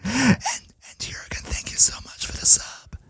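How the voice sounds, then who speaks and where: A man putting on a breathy ASMR whisper for a whispered role-play, hushing an excited esports commentary as a game streamer. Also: unhurried, no echo, natural voice. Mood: hushed hype. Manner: hushed, playful hype.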